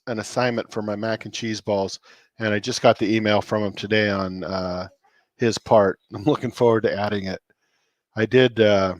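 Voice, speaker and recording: A man's voice: lowish voice, dry recording. A man hosting a casual cooking livestream, rambling and chuckling as he chats with viewers. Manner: laid-back, rambling, chuckling often. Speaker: cooking channel host on a livestream.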